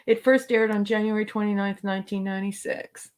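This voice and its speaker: A woman's voice: medium pitch, fairly even intonation, fairly quick, a little mellow. A woman co-hosting a casual livestream podcast. She greets viewers and reads notes aloud in a chatty way. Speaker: podcast co-host.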